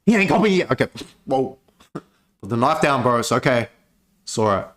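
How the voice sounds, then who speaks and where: A young man hosting a music reaction video, chatting casually in slang, swearing freely and breaking into excited exclamations. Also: mid-range voice, a little fast. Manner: slangy, profane, calls viewer bro.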